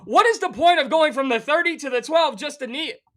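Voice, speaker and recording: A middle-aged man hosting a sports talk show, delivering an animated, sarcastic rant of theatrical outrage about a football game and a bet. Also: extremely high pitch, brisk. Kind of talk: fired-up sports betting rant.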